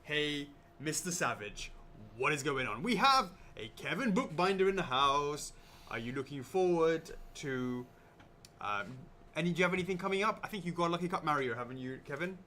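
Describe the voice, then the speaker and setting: An upbeat man hosting a casual live stream, calling out viewer names one after another. His voice sits a little high. A faint rumble hums underneath. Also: animated, bright, forceful tone. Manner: upbeat, greets viewers by name in quick succession. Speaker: livestream co-host.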